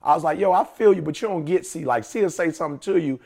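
A man with a fairly high voice tells stories in casual chat. He is animated and often laughs. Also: fast, vocal fry. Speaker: podcast host.

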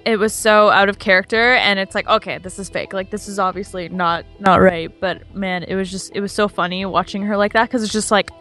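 A young woman co-hosting a podcast, chatting casually and reacting in an animated, excitable way. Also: mid-range voice, a little fast, hardly any pauses, soft background music. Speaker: podcast co-host. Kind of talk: casual chat.

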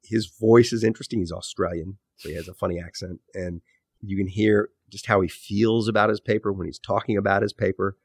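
The interviewee is a man known as an author and podcast host, and he speaks casually, thoughtfully rambling and revising his sentences partway through. His fairly low, slightly rough voice is brisk with fairly even intonation, and there's no room sound.

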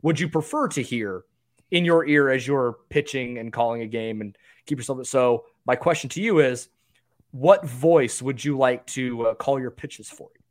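A man's voice: mid-range voice, moderate pace. A young man co-hosting a casual sports podcast, chatty and self-deprecating, laughing often. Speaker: podcast co-host.

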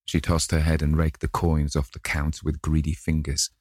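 Deep-voiced man reading a classic novel. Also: completely flat delivery, no echo, clean studio sound. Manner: measured reading, gently voices each character. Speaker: audiobook narrator. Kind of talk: scripted narration of a classic novel.

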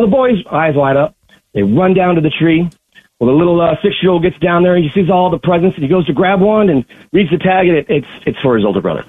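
A male caller with a slightly high, husky voice spins a long-winded joke. He is heard through a thin, phone-like line. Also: no room sound. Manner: drawn-out storyteller. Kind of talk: telling a joke on a call-in.

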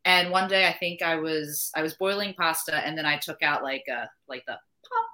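A woman's voice: low voice, normal speed, bright, forceful tone. A woman in her twenties from New Jersey, a guest telling stories in casual chat, full of "like" and acted-out quotes. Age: 20s. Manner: chatty storyteller, lots of "like", acts out quotes. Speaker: podcast guest, pro soccer player.

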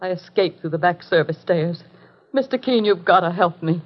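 A woman's voice: on the low side, normal speed, close to an everyday voice. An actress playing a desperate, tense middle-aged wife and mother in a 1950s radio drama, earnest and pleading. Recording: muffled 1950s radio broadcast.

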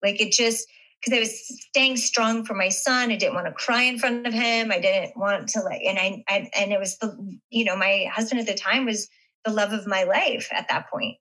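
A woman being interviewed, telling a personal story in a halting way with many fillers and restarts. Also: mid-range voice, bright, forceful tone, rough recording. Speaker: interview guest. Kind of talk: casual interview chat.

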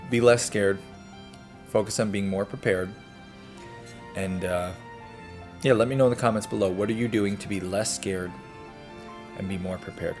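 A man hosting a homesteading video channel, talking casually and chattily to his viewers with a relaxed, self-deprecating manner. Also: on the low side. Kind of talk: casual talk to camera.

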